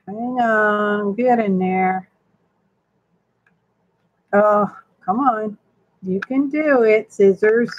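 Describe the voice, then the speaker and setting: Very slow and pausing often, a crafting channel host chats homily and rambles to herself and viewers as she works through a live demo. Her voice is mid-range, and the sound is lo-fi.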